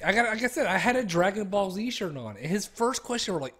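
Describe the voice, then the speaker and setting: A man's voice: high-pitched, lively intonation, fast talker, hardly any pauses, a bit bright. A young man streaming, chatting casually in a rambling, profane way and laughing at his own stories. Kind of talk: casual chat.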